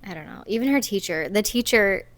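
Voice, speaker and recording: This thirtysomething podcast co-host has an expressive, brisk, mid-range voice. She's chatting casually about a movie, giggling and letting sentences trail away unfinished.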